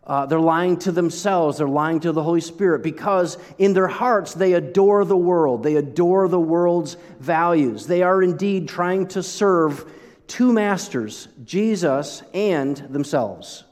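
A man preaching a sermon as pastor, conversational and animated, often breaking off and restarting his sentences. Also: fairly high pitch, a little slow, big-room sound. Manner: conversational, animated, self-interrupting.

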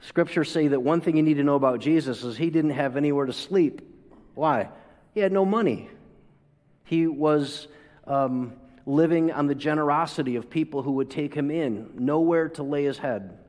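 A man's voice: a little high, normal speed, darkish tone. A man preaching a sermon, asking rhetorical questions and acting out quoted voices with dramatic swings. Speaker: pastor. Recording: long hall reverb.

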